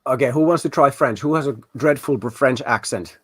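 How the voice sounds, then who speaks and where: A man's voice: mid-range voice, brisk, fairly bright tone, breathy edge, no echo. A man hosting a casual quiz on a video call, joking and playful as he reads out the questions. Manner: jokey, playful. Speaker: quiz host at an online party. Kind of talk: casual virtual party quiz.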